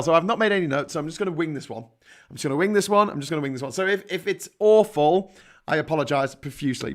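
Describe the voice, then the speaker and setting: A man's voice: high voice, a bit bright. A man with a Liverpool accent hosting a casual livestream, rambling, joking and reading out chat comments. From Liverpool, England. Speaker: livestream host.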